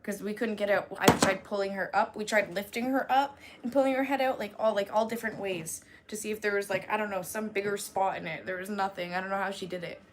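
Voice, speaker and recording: A young woman hosting a casual live stream, telling rambling stories to her chat. She laughs often and swears freely. Her voice sits at a middle pitch, with a faint hiss behind it. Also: steady tone, fast talker, few pauses. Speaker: livestream host.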